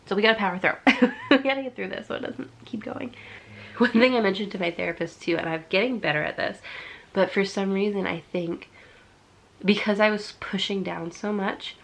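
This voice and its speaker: A woman's voice: lowish voice, a bit bright. A young woman talking candidly in a personal vlog, congested from a cold, chatty and confessional with nervous laughs. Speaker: vlogger.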